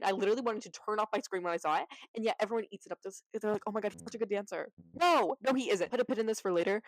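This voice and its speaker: Woman, casual movie recap, sarcastic, rapid talk, dry close sound. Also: medium pitch, no echo, poor audio. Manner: chatty, sarcastic, heavy use of "like".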